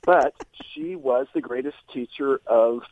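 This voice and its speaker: A male psychotherapist, a guest on a show, tells a personal story with animated shifts in his voice. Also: mid-range voice, measured pace, dry recording. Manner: animated storyteller, voice rises for quoted lines. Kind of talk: anecdotal storytelling. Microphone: phone. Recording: tinny phone line.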